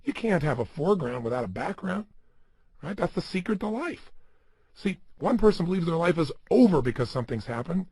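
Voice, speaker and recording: A man with a husky, fairly high voice delivers a motivational seminar talk. His pitch swings widely as he presses his points home with emphatic rhetorical questions. The sound is dry and close. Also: sing-song, brisk, darkish tone, dry recording. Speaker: motivational speaker.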